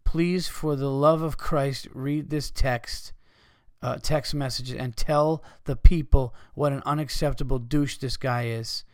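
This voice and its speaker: On his own podcast, a man rants at length with heavy profanity and reads listener messages aloud, fired up and rambling. His voice is medium in pitch with a darkish tone, steady and unhurried. The recording is dry and studio quality.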